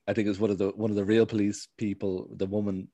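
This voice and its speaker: A man's voice: lowish voice, level tone, quick pace, dark tone, no room sound. A man casually recapping a TV show's plot, rambling and hesitant as he tells it. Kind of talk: casual chat recapping a TV show.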